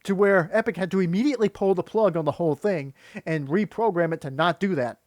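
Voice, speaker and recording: A man's voice: sits high, fairly quick, darkish tone, no echo, studio quality. A man giving critical, exasperated reaction commentary that rambles and restarts. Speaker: video commentator.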